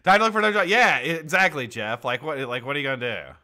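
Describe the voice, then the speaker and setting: A man's voice: on the high side, fast talker, sharp tone. A man hosting a casual live stream. He chats loosely, swears a lot and laughs often. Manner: profane, joking, laughs often. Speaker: livestream host.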